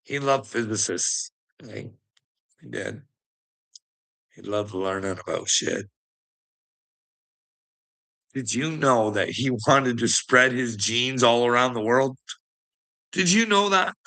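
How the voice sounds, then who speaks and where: A man's voice: medium pitch, slow pace, gravelly, pauses often, bright, forceful tone. A man ranting to his live chat in a sarcastic, mocking way, swearing heavily and often breaking into laughter. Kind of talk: profane livestream rant to chat.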